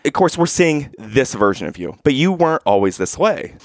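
Expressive male podcast host, dry sound. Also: mid-range voice, normal speed, no echo. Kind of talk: interview questions.

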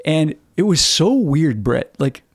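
Animated male podcast storyteller. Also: on the high side, slow, dry recording, clean studio sound. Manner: animated storyteller, lots of "like" fillers. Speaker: podcast co-host. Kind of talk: casual chat.

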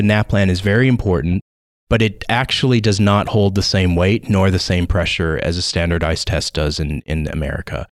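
A man's voice: sits low, no room sound, studio quality. A man guest on a podcast, talking in a thoughtful way with frequent restarts and emphatic repeats. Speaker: education guest speaker. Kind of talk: conversational podcast interview.

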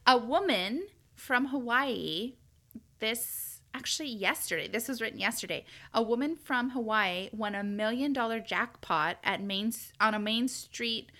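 A woman's voice: on the high side, a little slow, pushed and bright. A young woman co-hosting a podcast, reading news stories in a chatty way and laughing often. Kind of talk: casual chat.

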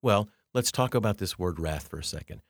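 A man with a very low voice delivers an emphatic Bible lecture, reading scripture passages aloud to make his points. The recording is close and dry, with no room sound. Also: animated, brisk, creaky, dry recording. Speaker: Bible teacher. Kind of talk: theology lecture.

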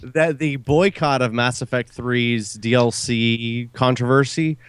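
A man's voice: medium pitch, fairly even intonation, a little slow, clear, resonant tone, no room sound. A man hosting a casual gaming podcast, playful and laughing often as he runs the segments. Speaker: podcast host.

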